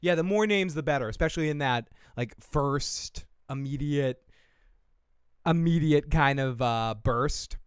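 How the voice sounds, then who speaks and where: A man's voice: on the high side, a little slow, clear, resonant tone, dry recording, clean studio sound. A man hosting a casual live-stream podcast, rambling and joking with viewers while drinking, swearing freely. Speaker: podcast host.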